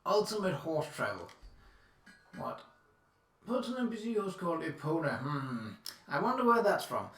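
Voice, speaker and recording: A man's voice: on the high side, big pitch swings, normal speed, fairly bright tone, reverberant, recorded from a distance. A man streaming live, casually reading out descriptions and musing aloud with lots of fillers.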